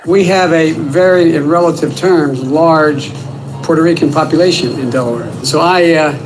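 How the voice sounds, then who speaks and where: A man speaking haltingly with fillers in a played speech clip. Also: fairly high pitch, rough recording. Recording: speech clip with music behind.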